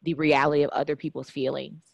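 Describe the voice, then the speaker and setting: A woman hosting a podcast interview, relaxed and chatty, with casual slang. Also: low voice, quick pace, creaky, dry recording, highs cut off. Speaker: podcast host.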